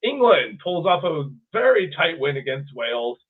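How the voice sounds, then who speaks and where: A man co-hosting a sports podcast talks in a somewhat high voice, animated and profane. Now and then he slips into funny mimicking voices. The sound is thin and tinny, like a phone line. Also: normal speed, breathy edge. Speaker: podcast co-host. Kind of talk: casual sports chat.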